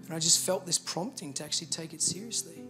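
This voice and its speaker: A man's voice: on the high side, fast talker, bright, forceful tone, faint music behind. A man with an Australian accent, a pastor telling a personal story in a sermon and building to earnest, emphatic appeals. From Victoria, Australia.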